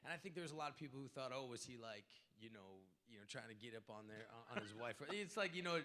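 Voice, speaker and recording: A man talks in loose, rambling bursts, stumbling over his words and cursing as he answers fans. His voice is bright and forward. A long hall reverb trails behind him. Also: medium pitch, animated, fast talker. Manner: rambling, stammering, swears freely. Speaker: guest actor at convention panel. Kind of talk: casual Q&A answers. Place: large convention hall.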